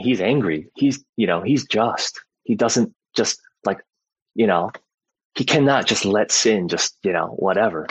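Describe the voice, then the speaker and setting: Husky-voiced man teaching scripture casually. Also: fairly low pitch, no echo, poor audio. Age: adult parent. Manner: conversational, tags sentences with "right?", frequent "like" and "you know". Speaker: Bible teacher.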